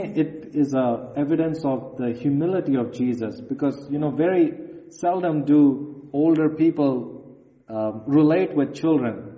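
A man's voice: on the high side, dark tone. Man preaching in an echoey hall. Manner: earnest, emphatic preaching with scripture read aloud. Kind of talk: sermon. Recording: echoey hall, dull lo-fi sound.

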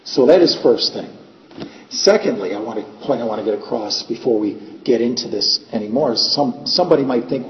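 A plainspoken preacher in an echoey hall. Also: male voice, mid-range voice, animated, brisk. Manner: plainspoken, homely examples, repeats phrases. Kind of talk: sermon. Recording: echoey hall, dull lo-fi sound, faint noise.

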